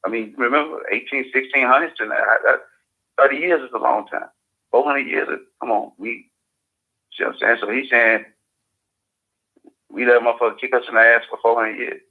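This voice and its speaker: A man's voice: medium pitch, moderate pace, long pauses. A man in casual radio talk, speaking in a loose, profane street manner. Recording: phone-like lo-fi audio.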